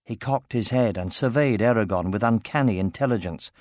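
A man narrating a fantasy novel in a steady, measured reading voice. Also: on the low side, no echo, clean studio sound.

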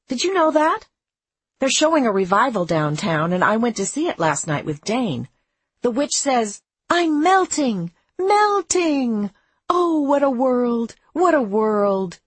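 A bright, earnest young woman, as a woman narrator puts her on, gushing with sympathy in a raised, lilting voice that swings widely. She sounds slightly husky and close to the mic in a dry storybook reading. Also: a little high, sing-song, unhurried, no room sound, voice pushed up, heavily acted.

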